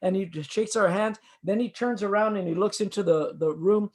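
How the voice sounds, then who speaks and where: An older man from East Los Angeles talks casually, with a voice that sits a little high for a man. He rambles and halts, circling back through fillers and restarts as he tells a road story. The feel is relaxed guest chat. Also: normal speed. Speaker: musician guest.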